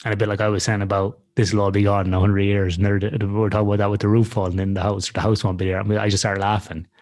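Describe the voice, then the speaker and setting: A man's voice: on the low side, flat delivery, rapid-fire, a little mellow. A man telling a story in casual podcast chat, swearing freely and talking animatedly. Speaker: podcast co-host.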